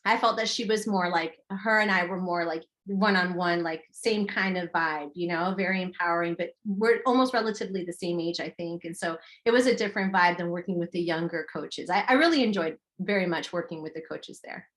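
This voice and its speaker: A middle-aged woman, a yoga teacher, chatting as an interview guest and telling animated stories full of her own remembered thoughts. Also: on the low side, fairly quick, few pauses. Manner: animated storytelling with quoted inner thoughts. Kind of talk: casual interview chat.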